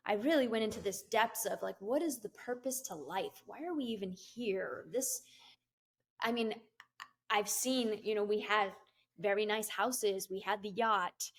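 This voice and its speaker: Middle-aged woman guest, giggly and chatty, lots of ums, mid pitch. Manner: giggly, laughs often, lots of fillers. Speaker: guest, business coach and CEO. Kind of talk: conversational storytelling interview.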